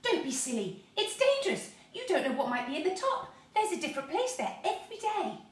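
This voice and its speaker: A woman's voice: high-pitched, expressive, fairly quick, fairly bright tone, voice pushed up. A woman voicing a fussy, easily frightened old brownie man with a long beard. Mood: horrified. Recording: echoey room, mic at a distance.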